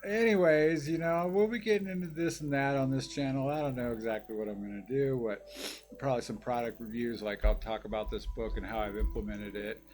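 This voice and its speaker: A man's voice: mid-range voice, fairly even intonation, fairly quick, darkish tone. A man hosting his own channel, chatting casually and rambling with lots of fillers. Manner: rambling, many fillers, laid-back. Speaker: YouTube channel host. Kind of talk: casual vlog chat.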